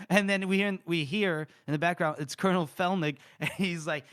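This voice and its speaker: A man's voice: sits high, fairly even intonation, moderate pace, fairly bright tone, clear, resonant tone. Rambling, chuckling podcast co-host, a man. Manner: rambling, laughs often, many fillers. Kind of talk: casual book discussion.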